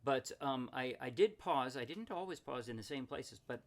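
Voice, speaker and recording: A man explaining ukulele chords and strumming in a casual tutorial, chatty and often correcting himself with quick apologies. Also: mid-range voice, animated. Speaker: ukulele teacher. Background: ukulele playing.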